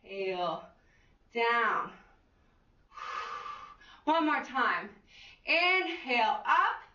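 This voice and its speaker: A woman's voice: fairly high pitch, sing-song, drawn-out words, pushed and bright. A woman fitness instructor cueing an exercise class with an upbeat manner, counting reps and letting out whoops. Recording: echoey room, far from the mic, dull lo-fi.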